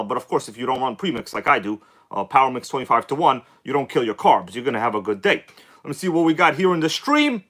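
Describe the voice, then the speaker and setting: A man's voice: a little high, a bit bright. A man hosting a live stream, talking casually with an upbeat, hyped-up manner and chatty asides to his viewers. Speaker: livestream host.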